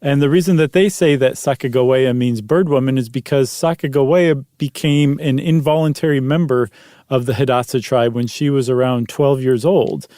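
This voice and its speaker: A man's voice: mid-range voice, fairly even intonation, normal speed, mellow, no room sound. A man co-hosting a podcast in casual chat, easygoing with dry teasing and frequent ums. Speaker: podcast co-host.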